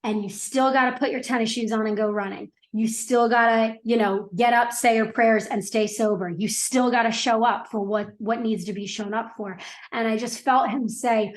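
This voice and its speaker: A woman's voice: on the high side, fairly even intonation, normal speed. A middle-aged woman guest on a podcast, telling her story in an earnest, reflective way with frequent restarts. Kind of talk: casual interview conversation.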